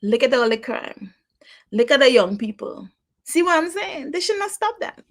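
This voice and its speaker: A woman's voice: sits high, very animated, normal speed. A middle-aged woman hosting a podcast, talking in a chatty monologue, repeating herself and laughing often. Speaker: podcast host. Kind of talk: casual monologue.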